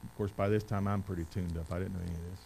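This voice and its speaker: A man in his forties preaching a sermon in a church, reading scripture loudly and with force, then telling stories in a quieter voice. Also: sits low, fairly even intonation, rapid-fire, gravelly, slight background noise, poor audio. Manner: rises to loud emphatic preaching when reading scripture, drops to quiet storytelling. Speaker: pastor. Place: church service.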